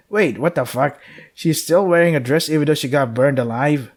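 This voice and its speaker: A man's voice: a little high, normal speed. A man streaming a game, reading its text aloud and swearing at it as he laughs.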